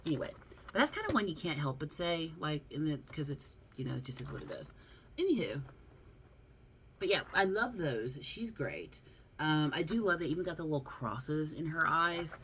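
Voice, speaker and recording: A woman with a Southern accent, talking casually on her vlog about her figure collection, chatty, prone to rants and quick to laugh. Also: fairly low pitch, slight background noise. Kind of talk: casual chat.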